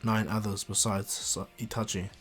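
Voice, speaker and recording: A man voicing a calm, weary adult ninja teacher who speaks low and measured. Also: soft background music, lightly acted. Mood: grave.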